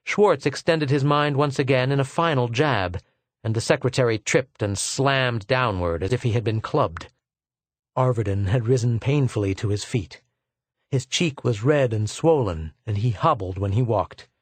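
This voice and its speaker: A man reading a science fiction story aloud in a measured, dramatic way. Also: mid-range voice, no room sound. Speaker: audiobook narrator. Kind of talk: scripted fiction narration.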